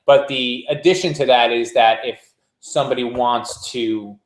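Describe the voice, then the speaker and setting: A man's voice: mid-range voice, fairly even intonation, moderate pace. A man, co-hosting a casual beer podcast, chatty and rambling, laughing often. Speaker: podcast co-host. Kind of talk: casual chat. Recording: echoey room.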